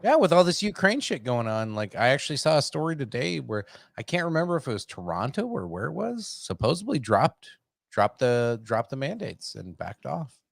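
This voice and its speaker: A man's voice: mid-range voice, big pitch swings, normal speed, vocal fry, no room sound, clean studio sound. A man co-hosting a livestreamed podcast, crude and swearing heavily in casual banter. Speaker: podcast co-host.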